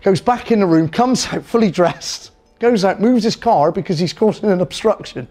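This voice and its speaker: Guy spinning a funny yarn, high voice, laughing at his own story. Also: normal speed, faint music behind. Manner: animated, self-amused storytelling. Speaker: comedian. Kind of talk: comic anecdote.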